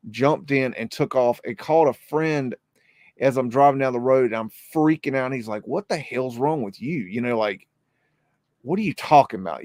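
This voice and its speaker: American guy on a podcast, halting, lots of ums, dry sound. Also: medium pitch, a little mellow, no room sound. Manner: hesitant, lots of ums and restarts. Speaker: podcast co-host. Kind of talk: casual chat.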